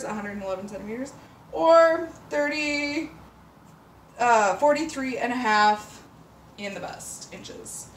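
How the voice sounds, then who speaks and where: A woman chatting casually to camera as a fashion vlogger, rambling and emotional, with bursts of excitement. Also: mid-range voice, slight background noise. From Canada. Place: apartment room with door open, city sirens outside. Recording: roomy, mic at a distance. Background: faint city ambience.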